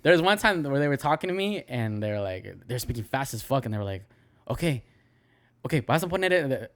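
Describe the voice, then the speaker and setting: A young man in casual podcast banter, loose and profane. He tells long stories and slips into voices for the people in them, jumping in pitch as he goes. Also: fast, clear, resonant tone. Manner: profane, animated storytelling with acted-out voices. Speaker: podcast co-host. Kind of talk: casual chat.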